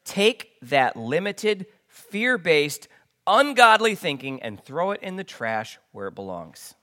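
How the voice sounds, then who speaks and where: Guy doing a calm, firm teacher, plain talk, bright voice. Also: on the high side, takes it slowly, heavily acted.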